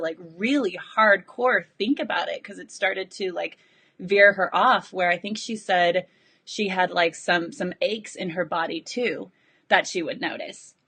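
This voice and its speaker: A young adult woman, out of breath, talking to her followers in an excited, rambling way about coaching clients. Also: on the low side. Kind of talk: live video chat to followers.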